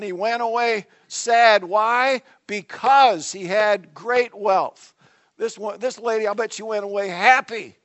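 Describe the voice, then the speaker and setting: A pastor with a notably high voice preaches to his congregation in a conversational, animated style, often breaking off for dramatic asides. His volume swings between soft, intimate remarks and emphatic lines.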